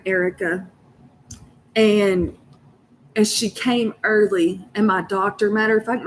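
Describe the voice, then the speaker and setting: Woman, casual chat, rambling and profane, slow drawn-out delivery. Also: mid-range voice, a little hiss or hum, rough recording. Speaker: storyteller. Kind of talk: casual personal storytelling.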